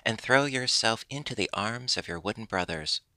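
A man's voice: lowish voice, lively intonation, normal speed, bright, forceful tone, no echo. A man voicing a theatrical male puppet who declaims in an exclamatory way. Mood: eager.

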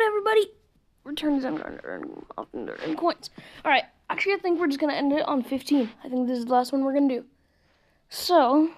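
A woman casually commentating a mobile game, chatting to viewers and muttering asides as she plays. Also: high voice. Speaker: gameplay commentator. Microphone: phone screen recording mic.

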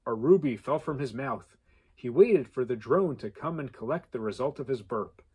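A man reading a contest story aloud with animated delivery and playful asides. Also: mid-range voice, normal speed, slightly rough. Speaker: contest entry reader.

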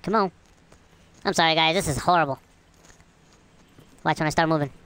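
Loud swearing woman gaming. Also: sits low, smooth. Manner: loud, swearing, quick to laugh and complain. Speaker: gamer, channel host. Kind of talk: casual gameplay commentary. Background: game gunfire and explosions.

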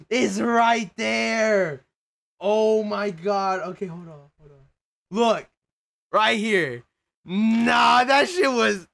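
A young man of Mexican heritage chatting profanely with his livestream viewers, excitable and prone to sudden shouts and laughter. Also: extremely high pitch, slow pace, gravelly, slight background noise. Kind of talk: casual livestream chat with viewers.

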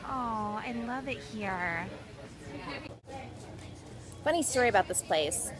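A woman's voice: medium pitch, lively intonation, slow pace. A young woman vlogging, bubbly and giggly, gushing over food and places with a friend. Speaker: beauty vlogger. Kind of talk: casual vlog chat. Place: outdoors at the beach, restaurants. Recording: loud background music. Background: loud music.

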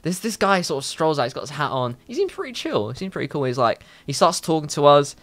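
A young man from telling a story in a casual vlog, animated and full of swearing. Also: a little high. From London. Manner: animated, heavy swearing, quick asides. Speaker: YouTuber.

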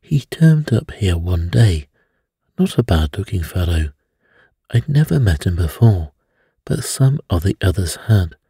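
A narrator doing a plain-spoken young secretary, matter-of-fact. The voice is low and husky, with a dry, close sound. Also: male voice, sing-song, a little slow, dark tone, dry recording, full character voice.

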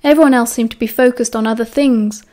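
A woman with a British accent reading a novel aloud as an audiobook narrator, with an even storytelling delivery. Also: on the high side, quick pace. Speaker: audiobook reader.

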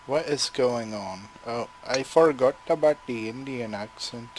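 A man's voice: mid-range voice, a little slow, a little hiss or hum, low-quality recording. A young man chatting casually with friends while playing a game, joking, laughing often and swearing casually. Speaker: gamer. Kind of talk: casual gaming banter with friends. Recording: music playing under the voice.

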